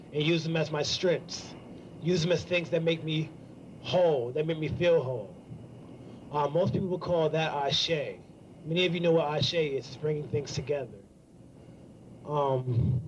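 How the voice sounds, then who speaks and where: A young man speaking to a campus gathering, earnest and halting, pausing often as he shares a personal reflection. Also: a little high, muffled recording, slight background noise. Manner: earnest, halting, with many ums and pauses. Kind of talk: heartfelt spoken reflection.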